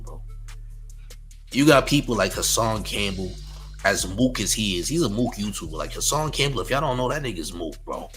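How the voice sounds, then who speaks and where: Mocking, taunting man with a bright voice. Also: fairly low pitch. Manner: taunting, mocking, laughs often. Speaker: live-stream commentator. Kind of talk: casual live-stream chat.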